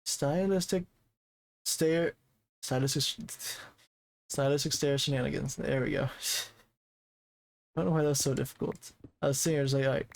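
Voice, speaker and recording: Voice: mid-range voice, normal speed, vocal fry, pauses often, darkish tone, rough recording. A streamer casually chatting and rambling while building in a game, often counting blocks aloud.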